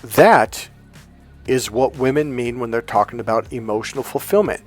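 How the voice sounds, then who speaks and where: A man delivering a coaching monologue on dating, blunt and emphatic, swearing freely as he drives his points home. His pitch sits in an ordinary middle range. Soft music plays faintly behind him. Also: brisk. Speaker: love coach.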